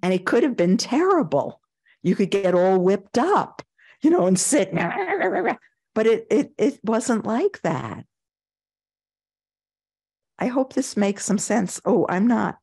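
A woman's voice: mid-range voice, sing-song, measured pace, pauses often, a little mellow, breathy edge. An older woman with a New York accent giving a Zen dharma talk, telling anecdotes, chuckling and acting out the voices she quotes. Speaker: Zen teacher.

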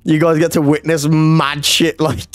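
A young man streaming a game, hoarse from a sore throat, talking loosely and swearing. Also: a little high, little pitch movement, unhurried, no echo. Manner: panicky, yelling, repeating himself, swearing. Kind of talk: live gaming stream commentary. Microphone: streaming mic.

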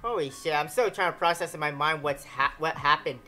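A man hosting a horror game let's play, reading dialogue and reacting in an animated way with casual swearing. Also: fairly high pitch, a little fast, rough recording. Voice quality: animated, swears when startled. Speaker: gaming channel host. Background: faint game music.

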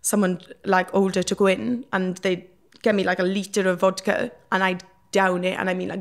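Candid young Welsh woman, gravelly edge. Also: mid-range voice, little pitch movement, normal speed. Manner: emotional, swears freely, many fillers. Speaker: reality TV personality, guest. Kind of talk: candid podcast interview.

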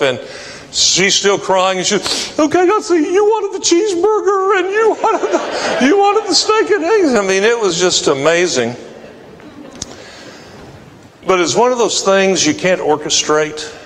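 A male pastor delivers a sermon in a long-echoing sanctuary. His voice sits on the higher side, and he tells stories folksily, slipping into the voices of the people he quotes. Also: fairly bright tone. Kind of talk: sermon with personal storytelling. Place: church sanctuary.

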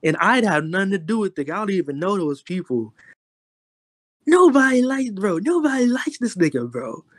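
A man's voice: high-pitched, big pitch swings, normal speed, no echo, studio quality. A young man streamer rambling in casual, slangy, profane talk while roasting someone on a voice chat. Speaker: online streamer.

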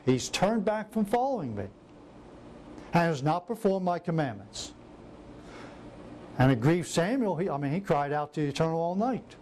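A man's voice: a little high, moderate pace, long pauses, a little hiss or hum. A man preaching a sermon who acts out scripture scenes in different voices. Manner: animated, acts out biblical quotes in varied voices.

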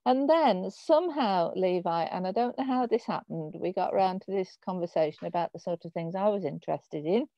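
Speaking at a normal speed with hardly any pauses, this Birmingham woman has a lowish voice and a local accent. She hosts a video call conversation, chatty yet hesitant, full of ums and restarts. The lo-fi call audio sounds dull.

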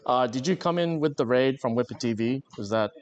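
A man's voice: mid-range voice, brisk, muffled recording. A man livestreaming while he crafts, chatting casually with viewers in a rambling, joking way with lots of fillers. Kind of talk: casual live-stream chat while crafting.

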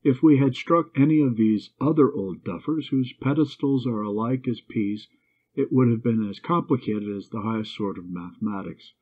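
A man reading a brisk, good-humored young gentleman. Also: medium pitch, husky, natural voice. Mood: cheerful. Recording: tinny phone-like line.

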